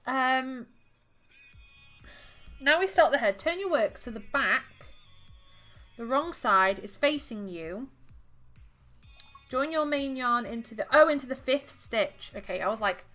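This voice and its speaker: A woman's voice: fairly high pitch, expressive, measured pace, long pauses, pushed and bright, faint music behind. A woman hosting a casual crafting livestream from home, chatting and thinking aloud as she works and counting stitches under her breath. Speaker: livestream host.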